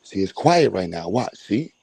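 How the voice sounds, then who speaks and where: A young adult man, hosting a casual livestream rant, loud and profane, streaming from a phone at home. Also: deep voice, moderate pace, creaky, slightly rough. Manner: loud, animated, profane storytelling with bursts of laughter. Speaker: stream host. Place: at home, moving between a room and the doorway outside.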